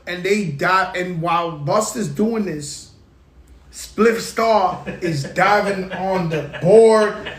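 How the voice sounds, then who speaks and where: A man with a high voice hosts his own show, spinning animated stories and sometimes acting out the sounds. He talks in a loose, casual monologue. The room rings with noticeable echo. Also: takes it slowly. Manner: animated, tells stories with hype and sound effects. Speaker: show host. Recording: roomy echo.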